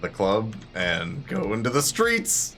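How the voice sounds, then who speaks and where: A man's voice: on the low side, huge pitch swings, slow, fairly bright tone, soft background music. A man playing a tabletop role-playing game, goofy and laughing, swearing freely. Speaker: player. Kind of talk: in-character tabletop play.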